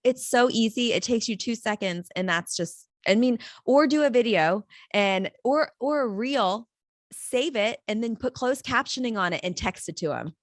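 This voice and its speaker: A woman guest on a podcast, chatting in a lively, emphatic way and laughing often. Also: a little high, moderate pace, no room sound, studio quality. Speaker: podcast guest, mortgage professional. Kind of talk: casual podcast chat.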